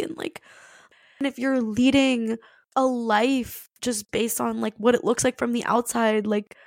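A woman's voice: sits high, gravelly, dry recording. A young woman hosting a podcast, talking candidly and emotionally about grief, with many "like"s and frank swearing. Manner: raw, emotional, fillers of 'like', swears freely. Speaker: podcast host. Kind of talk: candid personal monologue.

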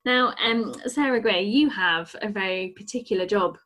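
A woman host asks her guest questions in a friendly, enthusiastic way. Her voice sits at an ordinary middle pitch. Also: normal speed, a bit bright. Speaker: interviewer host. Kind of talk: casual interview.

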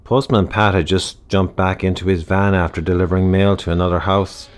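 A man narrating a dark comic story in a wry, measured storybook style. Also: low voice, steady tone, faint music behind.

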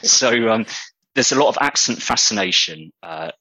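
Deep husky-voiced British man. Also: animated, moderate pace, pushed and bright, no echo, low-quality recording. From Britain. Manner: thoughtful, with frequent restarts. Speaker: interview guest. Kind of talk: casual conversational interview.

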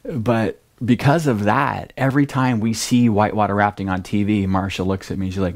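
A middle-aged man preaching a sermon, telling a family story in a conversational way that grows lively at the dramatic moments. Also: on the low side, brisk, few pauses. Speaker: pastor.

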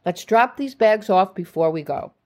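A woman's voice: mid-range voice, animated, moderate pace, darkish tone, close to an everyday voice. A woman reading the lines of a jovial, doting father visiting his daughters, in her own voice. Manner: jovial, coaxing.

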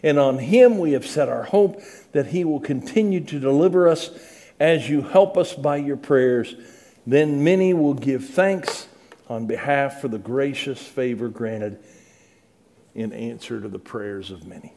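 A man's voice: mid-range voice, a little slow, dark tone, slight background noise. Middle-aged male preacher, earnest and pleading delivery with dramatic peaks. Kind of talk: sermon.

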